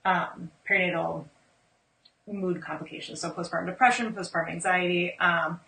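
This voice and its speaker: Woman, lowish voice, chill explainer, lotsa ums, echoey room. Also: normal speed, gravelly. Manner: relaxed, informative, many ums. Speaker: postpartum care educator, guest. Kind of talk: casual interview. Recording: echoey room, distant mic.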